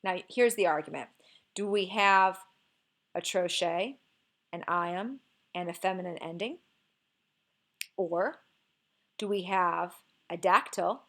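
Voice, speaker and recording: A woman's voice: on the low side, slow, pauses often, fairly bright tone. A woman teacher explaining poetic meter in a recorded lesson, patient and explanatory, often checking in with "okay".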